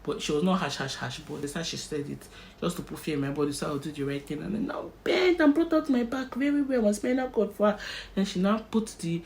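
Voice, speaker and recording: A young Nigerian woman with a Nigerian accent, telling a personal story in an animated storytime vlog and slipping into Pidgin. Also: fairly low pitch, quick pace, vocal fry, slight background noise. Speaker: vlogger.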